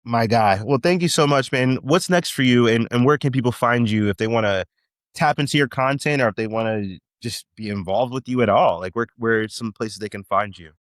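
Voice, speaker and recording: Male podcast host, upbeat and slangy, mid-pitched, dry close sound. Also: a little fast, no echo. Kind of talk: casual podcast conversation.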